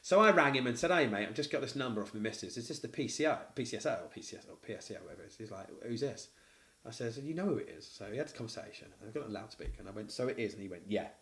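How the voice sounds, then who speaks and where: A man with a Mancunian accent rattles through a story at a quick clip on a casual podcast. He sounds like a tattoo studio owner, blunt and animated, and he swears freely. His pitch sits in an ordinary middle register. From Manchester, England.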